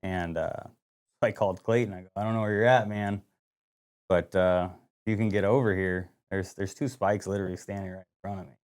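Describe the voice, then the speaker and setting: Casual male podcast co-host, lively storyteller who acts out what people said. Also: low-pitched, a little fast. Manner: animated storyteller, lots of "like" and quoted dialogue. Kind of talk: casual hunting story chat.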